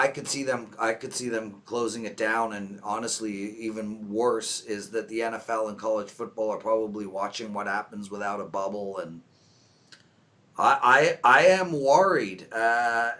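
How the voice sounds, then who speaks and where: A man hosting a casual sports betting show over a video call, loud and teasing with his co-hosts. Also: mid-range voice. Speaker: host.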